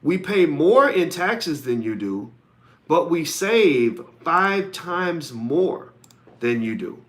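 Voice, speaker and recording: A man voicing a blunt, puzzled male German researcher with a German accent, raising his voice higher than usual. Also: big pitch swings, slow, a bit bright, exaggerated voice.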